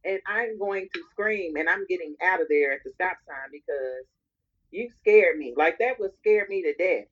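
A woman co-hosting a podcast, reacting with animated disbelief in casual chat. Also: lowish voice, moderate pace. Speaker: podcast co-host. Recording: dull lo-fi podcast audio.

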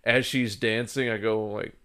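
A man's voice: lowish voice, fairly even intonation, moderate pace, a bit bright, smooth. A man telling a long story in casual podcast chat, rambling with lots of fillers, swearing and laughing as he goes.

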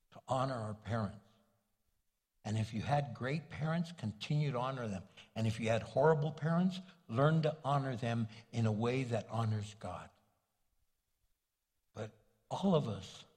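An older man, a pastor, preaching a folksy, conversational sermon with homely stories, his husky voice carrying through a church sanctuary. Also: mid-range voice, a little mellow. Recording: long reverb of a large hall.

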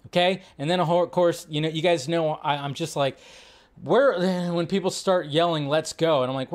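High-voiced man ranting on a live show. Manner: chatty, rambling, filler-heavy; animated, pitch jumps up when making a point. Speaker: host of a live film news show. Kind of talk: casual live-stream rant.

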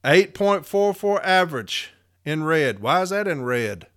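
A middle-aged man with a bright, slightly high voice rants bluntly on a workplace podcast. He reads figures aloud, repeats his points for emphasis and swears in frustration. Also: big pitch swings, unhurried. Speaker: union shop steward and podcast host. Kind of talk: podcast rant, reading and commenting.

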